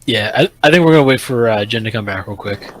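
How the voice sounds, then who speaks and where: A man chatting calmly with friends on a voice call during an online game, keeping the group organized. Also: medium pitch, fast, low-quality recording. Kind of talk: casual gaming chat.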